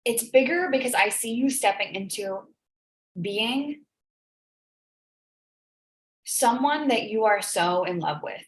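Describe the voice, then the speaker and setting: A woman's voice: on the high side, expressive, takes it slowly, pauses often, a little hiss or hum. Earnest woman hosting an echoey live stream. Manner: emotional, earnest, repeats phrases for emphasis. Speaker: host of a live business coaching stream. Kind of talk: live-stream motivational talk. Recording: echoey room.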